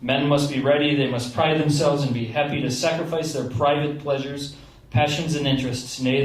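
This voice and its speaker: A man voicing an older, moralizing New England gentleman with a New England accent, reading a letter aloud in a slow, declamatory way. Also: mid-range voice, close to an everyday voice. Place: small theatre stage with audience. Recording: roomy live room, mic at a distance.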